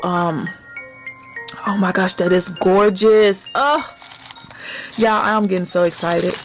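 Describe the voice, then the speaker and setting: A woman chatting excitedly to viewers while unboxing a gift box, gushing and calling them y'all. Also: mid-range voice, creaky. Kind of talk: casual unboxing chat.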